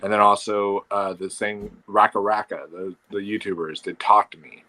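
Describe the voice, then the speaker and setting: A man's voice: on the low side, flat delivery, moderate pace, pushed and bright, rough recording. A man on a casual panel chat, enthusing about a comedy show with many restarts. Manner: hesitant, lots of fillers and restarts. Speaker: podcast co-host.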